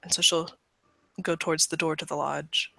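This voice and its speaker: A woman playing a tabletop game, describing her character's actions in a measured, descriptive way. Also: low voice, flat delivery, gravelly, sharp tone, low-quality recording. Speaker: player.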